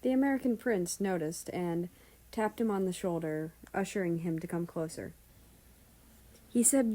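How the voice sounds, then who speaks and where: A woman reading fan fiction aloud as a storyteller, with an even narrating manner. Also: lowish voice, normal speed, low-quality recording. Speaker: story reader.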